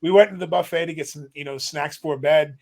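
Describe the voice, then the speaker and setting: A man's voice: a little high, steady tone, fairly quick, creaky, a little mellow. A man in casual podcast chat who laughs often and tells stories with a supportive tone.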